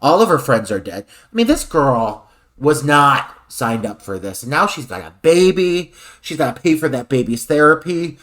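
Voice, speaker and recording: A man co-hosts a podcast, picking apart a film with sarcastic, profane asides. His pitch rises and falls a lot as he talks. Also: big pitch swings, moderate pace, a bit bright. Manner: sarcastic and wry, swears freely. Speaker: podcast co-host. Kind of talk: casual film discussion.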